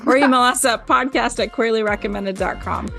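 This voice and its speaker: Bright-voiced woman podcast co-host. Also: fairly high pitch, normal speed, gravelly, soft background music. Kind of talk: casual podcast chat.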